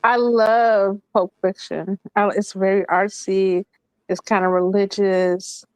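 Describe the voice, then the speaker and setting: A woman's voice: mid-range voice, level tone, takes it slowly, clear, resonant tone, dry recording, poor audio. A woman in her thirties chatting casually as a call-in panelist, rambling with lots of fillers. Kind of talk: casual chat.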